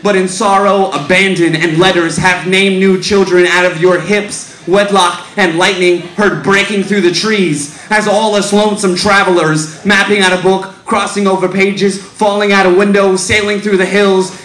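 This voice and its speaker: A man reads his poetry aloud in a slow, incantatory voice, letting long pauses hang between images. His voice sits a bit higher than most men's. The recording has a roomy echo around it. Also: fairly even intonation, a bit bright. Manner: slow, incantatory, low-pitched delivery with lingering pauses. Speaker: poet reading his work. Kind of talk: spoken-word poetry reading.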